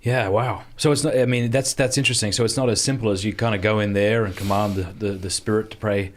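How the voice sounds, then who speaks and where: A man's voice: lowish voice, fairly even intonation, fast talker, slight background noise. A man hosting an interview, asking thoughtful questions with many restarts. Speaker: podcast host. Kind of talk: interview conversation.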